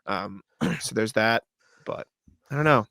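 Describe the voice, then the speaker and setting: A man's voice: fairly low pitch, unhurried, dry recording. A young man co-hosting a casual sports podcast, telling stories animatedly with plenty of "like" and swearing. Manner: animated storytelling, frequent swearing and filler "like". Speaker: podcast co-host.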